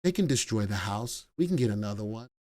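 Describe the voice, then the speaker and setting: Indulgent grandma, soft coaxing tone, lowered voice, quieter, as a man mimics her. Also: animated, quick pace, natural voice. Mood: soothing.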